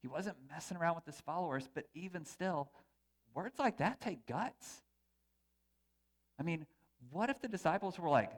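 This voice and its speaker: A man preaching a sermon as pastor, conversational and animated, with playful asides. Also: a little high, normal speed, pauses often.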